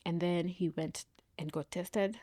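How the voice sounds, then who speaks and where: A woman in her late twenties, a podcast guest, talking candidly in a soft, unhurried way full of "yeah" and "like". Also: on the low side, fairly even intonation, dry recording. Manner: soft-spoken, frequent "yeah" and "like" fillers. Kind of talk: candid conversational interview.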